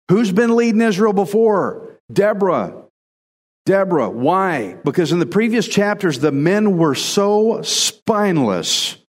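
A man preaching in a relaxed, chatty way, his voice sitting a little higher than most men's. He is animated and doubles back on words to drive home a point. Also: long reverb tail. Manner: animated, repeats words for emphasis. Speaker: pastor. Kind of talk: conversational sermon.

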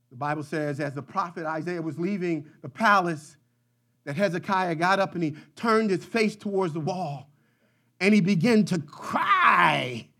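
With a breathy edge to his voice, a man delivers a sermon that rises from quiet, low passages to shouted peaks. He strings repeated phrases together rhythmically.

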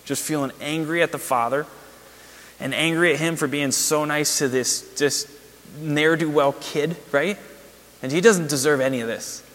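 A man giving a parish talk on prayer, telling candid stories with lively quoted asides and laughs. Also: a little high, moderate pace. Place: church or parish hall. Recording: long hall reverb.

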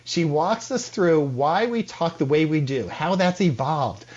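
A man hosting a radio interview, reading out a measured introduction and asking questions. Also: on the high side, animated, a little mellow. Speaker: radio show host. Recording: dull lo-fi radio sound.

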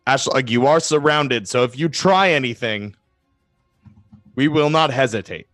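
A man voicing a stern male camp guard captain who gives a flat, threatening warning. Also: medium pitch, measured pace, dry recording, clean studio sound, faint music behind, natural voice.

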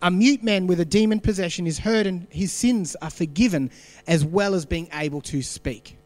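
A man's voice: high voice, normal speed, long reverb tail. An Australian man preaching a sermon, telling stories in a conversational way and putting questions to the congregation. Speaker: pastor.

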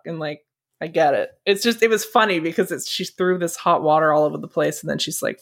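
A woman's voice: deep voice, very animated, fast talker, gravelly. A woman co-hosting a casual movie podcast, retelling a scene in a chatty, laughing, sweary way. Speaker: podcast co-host.

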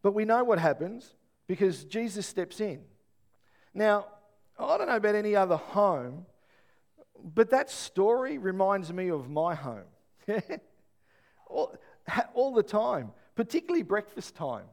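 A middle-aged man, preaching a sermon and telling family stories with animated, acted-out voices. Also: high voice, unhurried, pauses often. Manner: animated storytelling, acts out voices. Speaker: pastor.

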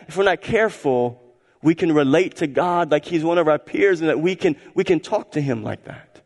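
A man preaching a sermon as pastor, emphatic and repetitive, swinging between loud and hushed. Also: high-pitched, brisk. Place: church sanctuary. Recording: church hall reverb.

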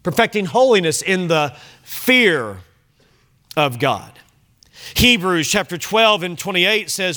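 A man's voice: high voice, animated, a little slow, sharp tone. A man preaching an earnest sermon as pastor, quoting scripture in old-fashioned wording. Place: church sanctuary.

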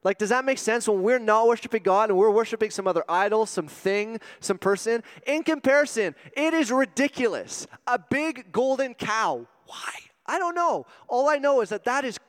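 A man preaching a sermon as a youth pastor, animated and joking, swinging between loud exclamations and hushed asides. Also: very high-pitched, normal speed. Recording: long reverb of a hall.

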